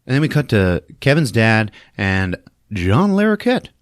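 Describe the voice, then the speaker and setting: A man hosting a podcast, recapping a movie in an animated, laughing comedic style. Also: fairly low pitch, measured pace, no echo, clean studio sound. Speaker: podcast host.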